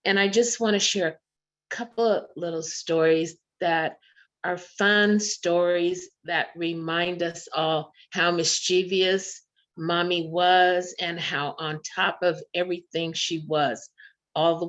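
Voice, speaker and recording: A woman's voice: on the low side, steady tone, slow, a bit bright. A woman giving a memorial tribute speech, telling fond anecdotes over a video call. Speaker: memorial speaker. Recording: muffled video call audio.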